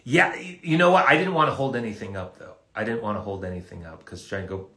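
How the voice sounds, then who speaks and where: A man, a voice actor, casually telling stories and answering fans' questions in a live session, in a halting way with frequent restarts and repeated words. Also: on the low side, a bit bright. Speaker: voice actor guest at an autograph livestream. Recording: roomy echo.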